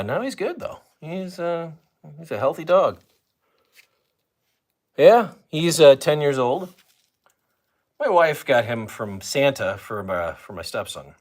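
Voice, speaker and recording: Nefesi kesilmiş, geveze yaşlıca adam. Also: male voice, medium pitch. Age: older. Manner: rambling, jokey, talks to chat. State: out of breath. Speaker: livestream host. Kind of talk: casual livestream chat.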